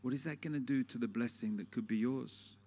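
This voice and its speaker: Male preacher, chatty storytelling sermon, mid-pitched, keeps asking the congregation questions. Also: brisk, a little mellow. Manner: conversational storytelling with rhetorical questions.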